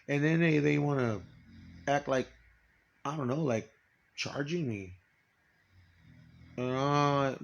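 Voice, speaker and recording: Halting, profane man, slightly high voice. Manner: profane, halting, trails off quietly. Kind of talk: rambling personal monologue.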